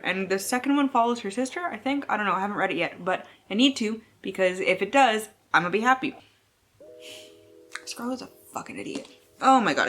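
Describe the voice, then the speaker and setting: A young woman talks casually at home for her book channel, excitable and swearing freely. Her pitch jumps around a lot as she talks. Soft music plays faintly behind her. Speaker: book vlogger. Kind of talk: casual chat.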